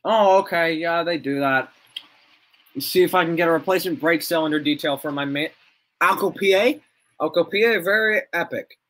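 A man's voice: on the high side, moderate pace, fairly bright tone. A young man chatting casually on a livestream, rambling, laughing often and reacting to chat.

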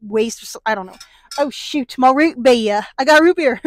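A woman's voice: high-pitched, normal speed. A young woman chatting in a rambling way to her phone camera in a convention hall, with restarts and small laughs. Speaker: vlogger. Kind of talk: casual convention vlog. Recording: music playing behind the voice.

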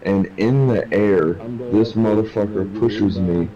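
Brief: young male streamer, lowish voice, crowd noise in the background, profane and animated storyteller. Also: slow pace, lo-fi sound. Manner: profane, animated retelling with quoted dialogue. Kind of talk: casual storytelling chat.

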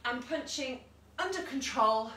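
A woman fitness instructor with a high, bright voice leads an online workout, counting down and cheering people on. She is recorded from a distance in an echoey room at home. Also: lively intonation, measured pace. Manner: encouraging cues and countdowns with asides. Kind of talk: online exercise class instruction. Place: room at home, with a dog nearby.

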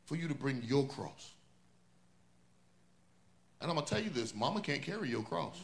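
A man's voice: mid-range voice, big pitch swings, normal speed, gravelly. A male pastor preaching a sermon, building intensity through repeated refrains.

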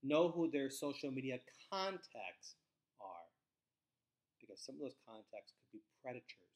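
A middle-aged man delivers a scripted training webinar for foster care staff. He speaks in a measured, emphatic way, his sentences falling at the end, with an expressive voice of medium pitch.

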